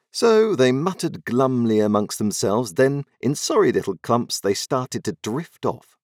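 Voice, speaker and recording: A man narrating a story aloud in an expressive, dramatic storytelling manner. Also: medium pitch, no room sound, studio quality.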